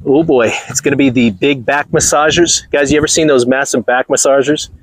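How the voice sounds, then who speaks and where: Blunt, husky man ranting. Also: mid-range voice, fairly even intonation, a little fast, no room sound, poor audio. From Los Angeles, USA. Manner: blunt, crude and mocking, laughs often. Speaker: channel host. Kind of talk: casual walking vlog rant. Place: outdoors on a golf course.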